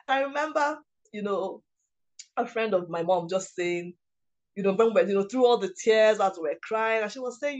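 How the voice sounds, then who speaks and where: A woman speaking in an earnest, heartfelt way, her voice at a middle pitch for a woman. She tells personal stories and reflections, often circling back with "you know" and starting her sentences again. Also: moderate pace. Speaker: lawyer, policy worker and writing coach.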